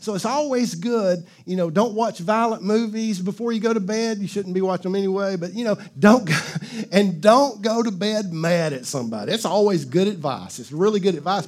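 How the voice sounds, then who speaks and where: A male pastor with a notably high voice preaches in an easy, conversational way. He chuckles often and keeps prompting the congregation to answer back. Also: animated, normal speed, a little mellow. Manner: conversational, laughing, call-and-response with the congregation. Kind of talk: sermon.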